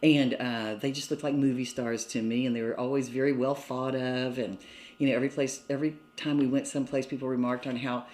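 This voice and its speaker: A woman's voice: rumbling low, flat delivery, brisk, a little mellow. An older woman from Mobile, Alabama, being interviewed and reminiscing casually, chatty and laughing often between phrases. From Mobile, Alabama, USA. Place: indoors in a cottage. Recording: roomy echo.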